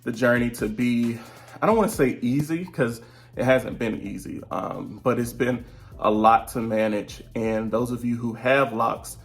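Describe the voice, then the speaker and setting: A man in his thirties gives a casual seated update from his home, his voice sitting at an ordinary middle pitch. He rambles a little and chuckles now and then mid-sentence, the easygoing tone of someone talking to friends. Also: measured pace, faint music behind. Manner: chatty, drifts off topic, laughs often mid-sentence. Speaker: vlogger and virtual teacher.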